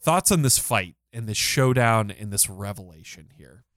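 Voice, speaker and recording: A man's voice: lowish voice, lively intonation, moderate pace, fairly bright tone, dry recording. A man co-hosting a podcast, retelling a scene in close detail with enthusiasm. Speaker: podcast co-host. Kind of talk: casual recap discussion.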